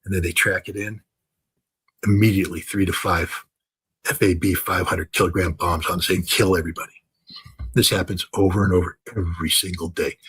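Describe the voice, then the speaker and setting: A man's voice: low-pitched, steady tone, brisk, a bit bright, husky, poor audio. An older man giving impassioned commentary, talking emphatically with many fillers, restarts and repetitions.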